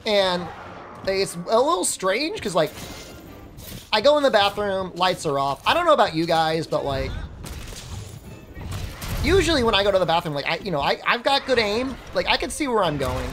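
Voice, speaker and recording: Animated woman streamer telling a rambling story. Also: mid-range voice, moderate pace, pauses often, soft background music. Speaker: game streamer. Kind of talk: casual storytelling on a live stream.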